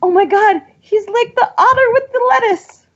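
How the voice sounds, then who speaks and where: A woman co-hosting a fan podcast, talking casually in an excitable, rambling way with lots of laughter. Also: very high-pitched, moderate pace. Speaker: podcast co-host. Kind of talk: casual chat. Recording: dull lo-fi podcast audio.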